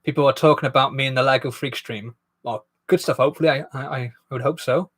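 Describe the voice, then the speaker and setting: A man's voice: medium pitch, steady tone, fast talker. A man hosting a casual live stream while building a toy set, rambling and self-deprecating as he reads viewer comments aloud.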